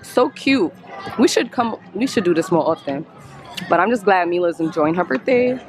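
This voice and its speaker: A woman vlogging her family outing in a chatty, blunt, casual way, a little hoarse from screaming. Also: lowish voice, normal speed. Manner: chatty, blunt, excitable coaching. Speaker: vlogger, mother. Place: outdoor skating rink, then car. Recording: music playing behind. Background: loud music.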